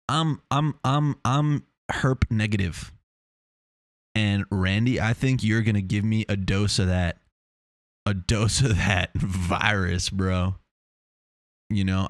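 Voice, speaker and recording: This fairly low-pitched young guy from Long Island, New York, runs a casual solo podcast monologue, rambling, profane, excitable, and full of restarts. The recording is dry and clean, made with a lav or shotgun mic in a small home studio treated with foam.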